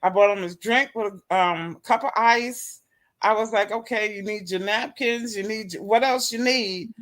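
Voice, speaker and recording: A woman's voice: medium pitch, moderate pace. A woman telling a personal story in casual chat, acting out both sides of the conversation and laughing often. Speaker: guest.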